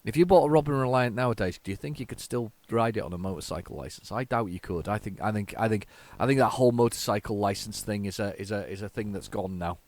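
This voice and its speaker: A man hosting a casual retro-computing video, chatting in an excitable, rambling and self-mocking way. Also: fairly low pitch, fast, few pauses. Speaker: host.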